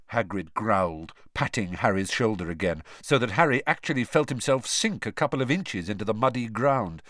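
A man narrating a novel as an audiobook in an expressive storytelling manner. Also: medium pitch, moderate pace, hardly any pauses, dry recording, studio quality. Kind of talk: scripted narration.

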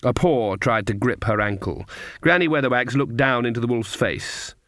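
A man's voice: mid-range voice, a bit bright, no room sound. Man narrating, dry close sound. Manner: measured, deliberate storytelling. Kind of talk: scripted audiobook narration.

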